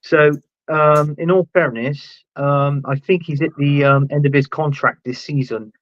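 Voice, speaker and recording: A man's voice: on the high side, steady tone, a little slow, dry recording. A man joining a casual football chat as a guest, talking hesitantly with lots of ums. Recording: dry, dull lo-fi call audio.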